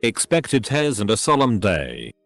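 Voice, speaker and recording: A man reading short stories aloud in a steady, scripted narration style. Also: on the low side, a little slow, faint music behind.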